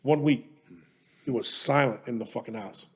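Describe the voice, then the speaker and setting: A man's voice: medium pitch, normal speed, breathy edge. A man co-hosting a podcast, telling stories in casual chat, swearing often and speaking with emphasis. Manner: profane, storytelling, emphatic. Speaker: podcast co-host.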